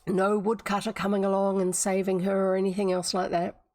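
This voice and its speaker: A woman's voice: medium pitch, level tone, a little fast, a little mellow. A woman with a New Zealand accent reading an old fairy tale aloud on a live stream, adding chatty asides. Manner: chatty asides between read passages.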